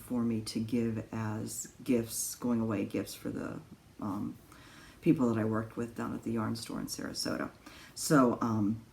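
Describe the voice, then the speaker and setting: A woman's voice: a bass voice, darkish tone, a little hiss or hum. A woman chatting casually to camera from her apartment about her crafts, rambling with lots of ums and little laughs. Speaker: cross stitch vlogger. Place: home in an apartment.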